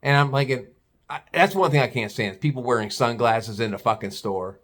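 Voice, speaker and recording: A man's voice: mid-range voice, normal speed. An older man, a retired butcher, telling a story bluntly with plenty of swearing in a casual vlog. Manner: blunt, profane, animated storytelling.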